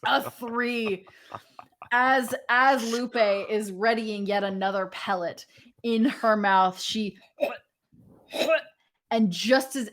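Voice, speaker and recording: A young woman narrating as game master of a tabletop game, lively and casual, laughing often and swearing freely. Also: mid-range voice.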